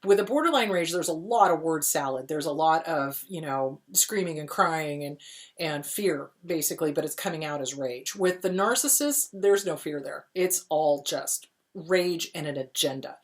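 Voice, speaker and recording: A woman's voice: low-pitched, lively intonation, normal speed. A woman therapist answering viewer questions in a casual advice show, blunt and emphatic, repeating her key points and calling the listener honey.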